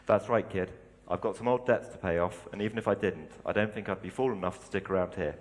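A man's voice: deep voice, fast talker, lightly acted. A man reading a cocky smuggler. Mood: offhand. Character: cocky male smuggler, smug and breezy. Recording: long hall reverb.

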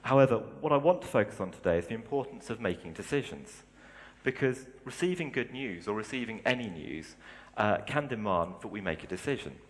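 A man's voice: on the low side, expressive, fairly quick. A man giving a sermon, reading story passages aloud and explaining them plainly. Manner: reads aloud expressively, then explains plainly. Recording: long hall reverb.

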